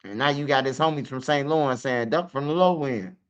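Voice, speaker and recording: A man's voice: mid-range voice, a little fast, clear, resonant tone, lo-fi sound. A man with a Chicago accent telling his story in casual, profane street slang, full of "man" and "bro".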